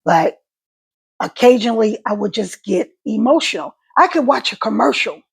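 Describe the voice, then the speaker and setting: A middle-aged woman talking casually to camera about life after a stroke, in halting speech that repeats words, her voice catching and crackling. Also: a little high, expressive, vocal fry, husky. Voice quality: voice catches and crackles when emotional. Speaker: stroke survivor vlogger.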